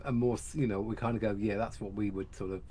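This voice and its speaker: A man's voice: lowish voice, steady tone, fast, dark tone, slight background noise. A British man co-hosting a reaction video, chatting casually and hesitantly, often repeating words. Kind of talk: casual chat.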